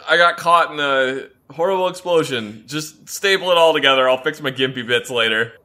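A man's voice: fairly high pitch, normal speed, sharp tone. A man co-hosting a gameplay video, chatting and joking casually and laughing often. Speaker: co-host playing a game.

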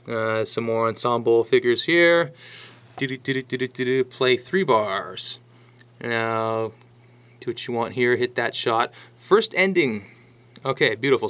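A man teaching drums, talking casually through a sheet of music and counting beats aloud. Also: medium pitch. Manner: relaxed and chatty, counting beats aloud, brief excited asides. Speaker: drum teacher.

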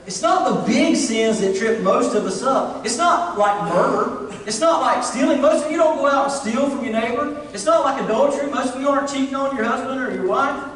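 A middle-aged man preaches a sermon from the church stage, telling funny stories with lots of animation. His voice sits unusually high. He is heard from a distance, with a long hall reverb and a faint hiss underneath. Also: fairly quick. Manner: humorous, animated storyteller. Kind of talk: sermon with storytelling. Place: church sanctuary.

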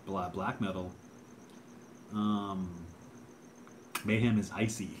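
A man's voice: lowish voice, fairly even intonation, slow, a little hiss or hum. A man hosting a casual livestream, rambling laid-back chat and thanking viewers, says bro and dude a lot while drinking beer. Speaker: livestream host.

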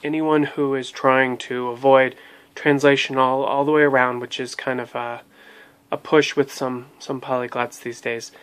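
Halting man reviewing a language course. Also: medium pitch, little pitch movement, a bit bright, smooth. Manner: halting, many fillers and restarts. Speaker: language learning blogger. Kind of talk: casual spoken review.

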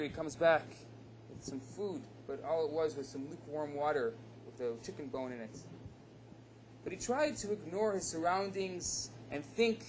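A rabbi giving a lecture, a dramatic storyteller who acts out the dialogue. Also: male voice, fairly high pitch, slight background noise.

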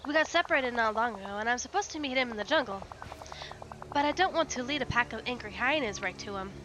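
A woman's voice: on the high side, animated, fast, noisy background, close to an everyday voice. Brave lioness read aloud by a woman over game music. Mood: earnest. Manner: reads dialogue aloud in her own everyday voice. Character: brave young lioness, protective and determined.

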